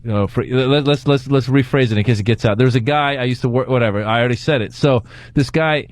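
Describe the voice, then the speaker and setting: A man's voice: mid-range voice, fast, dry recording. A man appearing as a comedian guest on a radio show, telling a story in a rambling, self-correcting way. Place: radio studio.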